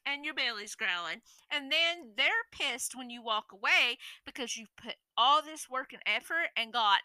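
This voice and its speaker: A woman's voice: a little high, sharp tone, dry recording, poor audio. A woman streamer delivering a blunt, profane, exasperated rant in a vlog. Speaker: streamer and influencer. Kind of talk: ranting vlog monologue.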